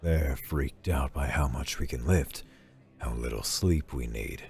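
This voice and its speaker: A gruff, world-weary welder in his fifties, voiced by a man, speaks low and deep in a slow, blunt mutter. He sounds like a seasoned worker handing out warnings to a younger man across a table in a narrated story. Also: a little mellow, faint music behind, exaggerated voice. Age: 50s.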